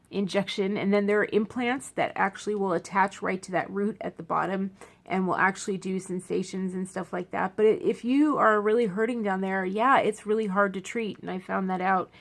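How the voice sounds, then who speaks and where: A woman's voice: mid-range voice, brisk. A young woman talking casually to camera, tired and in pain after a medical procedure, rambling and repeating herself for emphasis. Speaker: vlogger.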